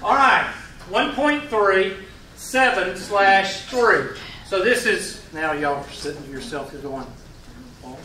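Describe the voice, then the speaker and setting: Bright Southern man teaching a class. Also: high voice, expressive, slow, a little hiss or hum. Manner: folksy, joking, quizzes the class with questions. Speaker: math teacher. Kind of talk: classroom lecture. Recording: roomy classroom, mic far away.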